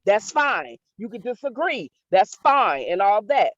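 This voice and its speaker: A woman's voice: medium pitch, sing-song, unhurried, no echo. Female guest blogger, firm and defensive, dry muffled line. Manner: firm, defensive, explaining herself. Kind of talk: casual call-in chat.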